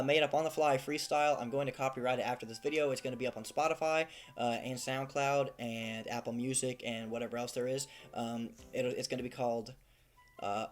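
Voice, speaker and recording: Man, chatty let's play host, excitable, self-mocking, music behind. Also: medium pitch. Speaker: gaming YouTuber.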